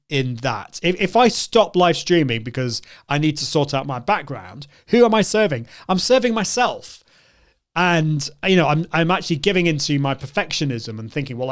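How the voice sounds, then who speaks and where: A man hosting a live video show, talking chattily to his viewers, often correcting himself and laughing. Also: on the high side. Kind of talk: live-stream talk to viewers.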